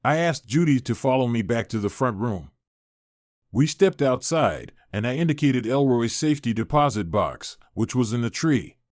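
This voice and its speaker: A man's voice: mid-range voice, darkish tone, dry recording, studio quality. A man narrating a scripted first-person story with dramatic storytelling.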